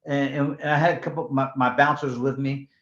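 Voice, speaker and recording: A man's voice: mid-range voice, flat delivery, fast talker, a bit bright. Talkative sixty-year-old man, echoey lo-fi recording. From California. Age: 60s. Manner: rambling, repeats words, drops into Spanish slang. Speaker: guest, former boxing champion. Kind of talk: casual storytelling interview. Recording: echoey room, dull lo-fi sound.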